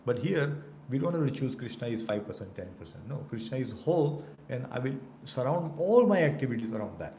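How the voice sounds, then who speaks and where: A man's voice: medium pitch, big pitch swings, a little fast, few pauses, dark tone. A man teaching a devotional scripture class, talking conversationally and often checking in with "right?". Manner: conversational, keeps asking "right?". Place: temple hall. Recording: echoey room, faint background noise.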